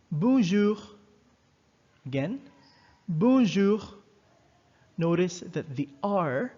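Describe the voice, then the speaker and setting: A man teaching a recorded lesson, explaining patiently and repeating words slowly for learners. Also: on the high side, a little mellow. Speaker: French teacher. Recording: dull lo-fi voice recording.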